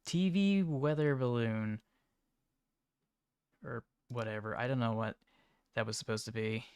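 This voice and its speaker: A man livestreaming, reacting to chat images in an offhand, mumbling way with sudden excited outbursts. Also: mid-range voice, a little slow, clear, resonant tone, no room sound. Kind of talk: casual live-stream commentary.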